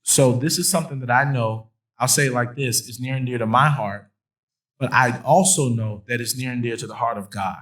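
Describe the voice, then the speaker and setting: A man's voice: medium pitch, fairly quick, a bit bright, low-quality recording. Emphatic preaching-style male host. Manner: emphatic, repeats phrases for stress, playful asides. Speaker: host introducing a guest speaker. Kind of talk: preaching-style conference talk. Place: conference hall with an audience.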